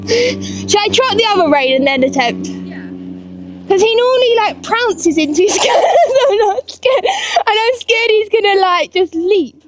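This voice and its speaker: A woman's voice: very high voice, lively intonation, moderate pace. A woman in casual vlog chat about her ponies, chatty and giggling nervously as she rides. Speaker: pony owner vlogging her yard. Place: outdoor yard and riding pen.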